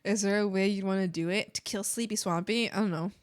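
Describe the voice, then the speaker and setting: A woman's voice: medium pitch, fairly even intonation, fast. A woman art streamer chatting casually while drawing, playful and rambling with silly jokes.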